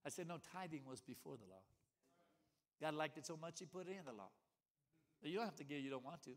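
A man preaching a sermon, swinging from loud emphasis to hushed near-whispers, with rhythmic catchphrases and repeated calls of "come on.". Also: on the high side, lively intonation, quick pace.

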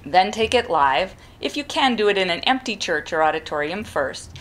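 A middle-aged woman, a parent, calmly explaining step by step how to teach a child to whisper. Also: medium pitch, moderate pace. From New England. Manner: calm, practical, demonstrates whispering. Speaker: parent giving advice. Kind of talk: instructional talk to camera.

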